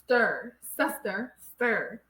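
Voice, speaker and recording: A woman's voice: on the high side, animated, drawn-out words, pushed and bright. A woman co-hosting a casual reaction video, teasing and playful with lots of laughter. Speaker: reaction channel co-host. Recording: echoey room.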